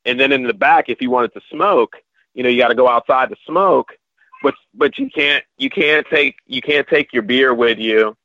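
A man's voice: mid-range voice, moderate pace, no room sound. A man telling travel stories as a guest in casual chat, rambling with many restarts. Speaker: podcast guest. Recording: dry, slightly muffled lo-fi recording.

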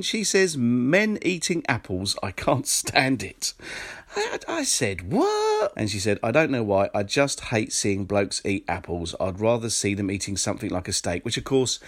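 A man hosting a solo podcast, reading out listener answers with sarcastic, exasperated asides. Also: fairly low pitch. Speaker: podcast host.

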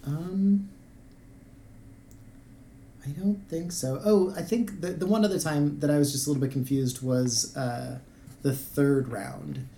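Male co-host, casual game chat, halting and unsure, faint hiss behind. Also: fairly high pitch, fairly even intonation, vocal fry, warm tone. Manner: hesitant, many fillers and restarts. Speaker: podcast co-host.

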